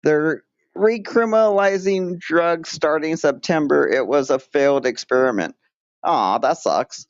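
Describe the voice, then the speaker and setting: A man streams live and chats with viewers in a fairly high, unhurried voice with no echo, though the sound is dull, lo-fi, and dry. He jokes around in a crude, mock-tough way.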